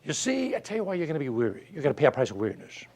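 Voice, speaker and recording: A man's voice: on the high side, huge pitch swings, racing, creaky, a little mellow. A man giving a folksy motivational speech, full of rhetorical questions and stories. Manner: emphatic, rhetorical questions, storytelling. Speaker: motivational speaker.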